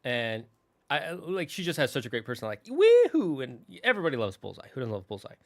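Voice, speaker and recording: A man hosting his channel, casually retelling a movie's story in an animated way, often restarting his sentences. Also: medium pitch. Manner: animated, restarts often, slips into quick character voices. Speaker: channel host.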